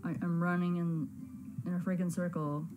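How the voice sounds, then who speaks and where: A woman's voice: fairly low pitch, flat delivery, normal speed, over music. A woman hosting a gaming video, giving flustered, exclaiming let's-play commentary with frequent stammers.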